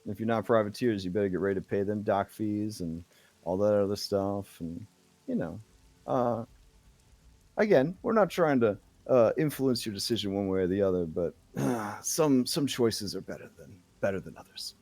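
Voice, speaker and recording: A man's voice: on the low side, animated, darkish tone, no echo. A man voicing a stern, sighing official. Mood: persuasive. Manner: measured, sighing, persuasive. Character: stern older male official hiring privateers.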